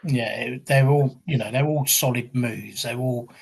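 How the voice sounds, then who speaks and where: A husky-voiced man in his fifties from England tells his stories in a loose, rambling way. He restarts his sentences often and makes fun of himself as he goes, in easy conversation. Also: mid-range voice, a little slow. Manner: rambling, self-deprecating anecdotes with repeated restarts. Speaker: guest, retired pro wrestler. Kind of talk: conversational storytelling.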